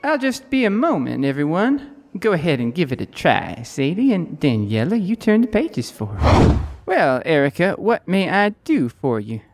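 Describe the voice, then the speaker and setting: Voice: mid-range voice, sing-song, normal speed, a little mellow. An actor playing a theatrical small-town pastor leading choir practice in an over-polite, showy way. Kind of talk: comedic audio drama acting.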